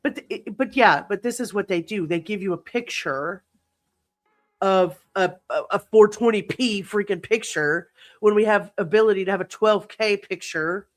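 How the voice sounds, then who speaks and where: A young woman hosting a live chat, blunt and animated, swearing and teasing her co-host. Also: medium pitch, moderate pace. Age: young adult. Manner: blunt, animated, swears and teases, laughs easily.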